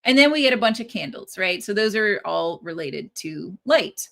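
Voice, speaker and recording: A woman's voice: mid-range voice, lively intonation, normal speed, gravelly, a bit bright. A woman in her thirties leading a live coding tutorial stream, chatty and upbeat, often tagging her sentences with "right?". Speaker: developer advocate teaching a live stream.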